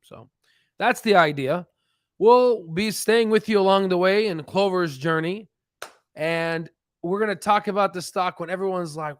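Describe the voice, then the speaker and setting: A tired man with a high-pitched voice hosts a relaxed livestream about stocks, talking a little slowly and yawning as he rambles with lots of restarts and fillers. The tone is clean, with no echo and studio-quality sound.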